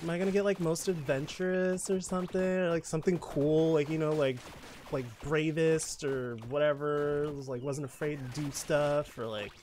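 A man's voice: a little high, steady tone, normal speed, a little mellow, a little hiss or hum. A man streaming a game, chatting and telling rambling stories in a playful, campy way. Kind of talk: casual game-stream chat.

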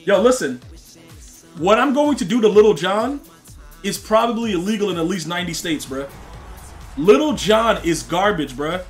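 This young man's high voice is expressive and moves at normal speed, broken by long pauses, over soft background music. While live-streaming a game, he rambles in slang, talking to his chat and trash-talking opponents.

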